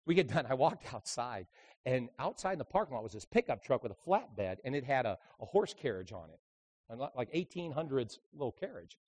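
A man, a traveling evangelist, preaching a sermon full of lively stories, dropping to quiet asides and then rising into loud, emphatic bursts. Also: mid-range voice, a little fast. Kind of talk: sermon with storytelling.

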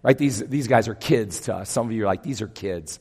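A gravelly, husky-voiced man in his fifties preaching to a congregation. He acts out the voices in his stories and swings from loud bursts to near-whispers. His voice rings out through a church's long reverb. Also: on the low side, a little fast. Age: 50s. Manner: animated storytelling, acting out voices, big swings from loud to hushed. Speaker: pastor. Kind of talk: sermon.

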